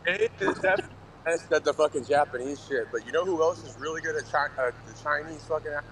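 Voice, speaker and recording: A man chatting on a live stream, crude and excitable, swearing a lot. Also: a little high, quick pace, a crowd in the background, rough recording. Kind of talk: casual chat on a live stream. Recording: clear background noise.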